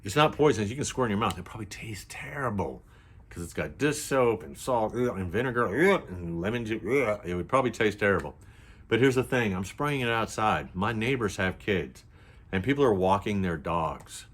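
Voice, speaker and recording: Lively low-voiced older man, blunt. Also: moderate pace, slightly rough. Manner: chatty, blunt, keeps checking in with viewers. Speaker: preparedness vlogger. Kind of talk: casual to-camera talk.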